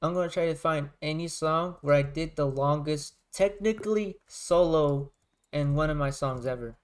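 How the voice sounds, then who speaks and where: Man, smooth resonant voice, casual stream chat, rambling, rephrasing as he goes. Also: on the high side, moderate pace. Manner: rambling, circling back and rephrasing. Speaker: music creator streaming.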